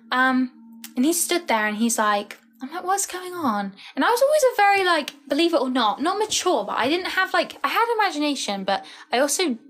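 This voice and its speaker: A tired young woman talks to her live stream viewers in a loose, rambling way, with "like" in nearly every phrase. Her voice sits a little high for a woman and swings up sharply when she thanks people. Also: a bit bright. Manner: rambling, chatty, frequent "like" fillers. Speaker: livestreamer. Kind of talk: casual live-stream chat.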